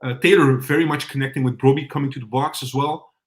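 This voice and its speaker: A man's voice: medium pitch, fairly even intonation, fast. A man hosting a casual football podcast. He reads out viewer comments, puts questions to his panel and talks in a hesitant way with many fillers. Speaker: podcast host.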